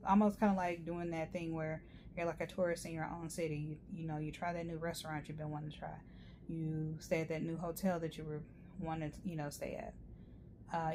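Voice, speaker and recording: Low, flat-voiced chatty woman tarot reader. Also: noisy background. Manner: rambling and chatty, many fillers and asides. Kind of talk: casual tarot reading monologue.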